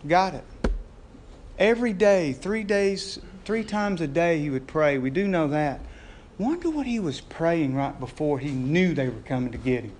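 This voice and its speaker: A man with a high-pitched voice preaches a sermon. He tells the story in a lively way, chuckles often and keeps asking his listeners questions. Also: normal speed, a little hiss or hum. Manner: lively storytelling with frequent laughs and rhetorical questions. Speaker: pastor.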